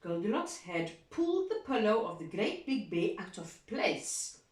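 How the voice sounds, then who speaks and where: A woman teacher reading a story aloud to children, animated and expressive, pausing to quiz the class. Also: medium pitch. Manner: animated, slow and expressive, asks the class questions. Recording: echoey room from far off.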